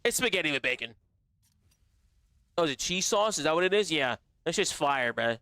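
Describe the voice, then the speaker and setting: Male streamer, fairly high voice, casual profane banter, slightly strained. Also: lively intonation, moderate pace, bright, forceful tone, no echo. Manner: slangy and profane, calls chat bro and baby. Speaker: gaming livestreamer. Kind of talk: casual live-stream chat.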